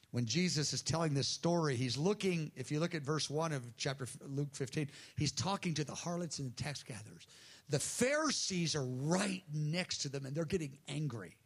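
A man preaching with lively, animated storytelling, his voice sitting a little high for a man. He walks through a parable verse by verse and slips in quick voices for its people. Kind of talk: sermon.

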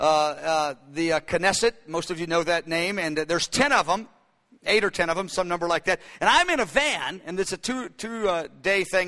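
A man's voice: sits high, sharp tone. A man preaching a sermon, telling a story with many fillers and restarts. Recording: long hall reverb.

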